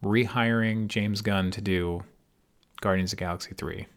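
A man's voice: lowish voice, fairly even intonation, moderate pace. Laid-back swearing podcast guy. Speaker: podcast co-host. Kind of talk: casual podcast chat.

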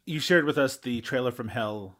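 A man co-hosts a film podcast in a middle-pitched voice. He speaks bluntly and slips in jokes as he gives his opinions on the movie. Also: moderate pace, fairly bright tone. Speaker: podcast co-host and editor. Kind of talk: casual film discussion.

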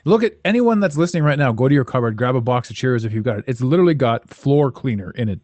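A man's voice: medium pitch, animated, fast, darkish tone, no echo. A man hosting a podcast in casual chat, talking bluntly and emphatically and swearing freely. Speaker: podcast host.

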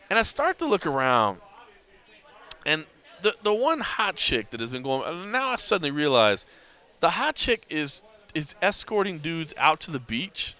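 A man's voice: fairly high pitch, very animated, a little slow, sharp tone. A man hosting a podcast, telling a story in casual chat and acting out the dialogue with lots of energy. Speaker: podcast host.

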